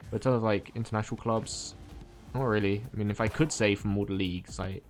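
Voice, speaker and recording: Brief: low-pitched Irish guy streaming a game, groggy and rambling, faint game music behind. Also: fast. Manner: rambling, relaxed, with many fillers and restarts. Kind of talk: casual chat while playing a game.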